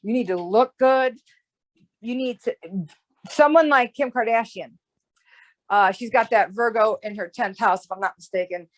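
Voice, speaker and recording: An astrologer guest with a fairly high voice talks at normal speed but leaves long pauses. In casual conversation she explains ideas at length, rambling and restarting, regularly checking in with "right?".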